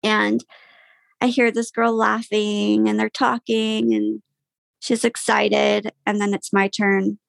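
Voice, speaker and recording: A woman's voice: medium pitch, flat delivery, slow, gravelly, dry recording, studio quality. A young woman guest telling a personal story in casual conversation, candid, with frequent fillers and sighs.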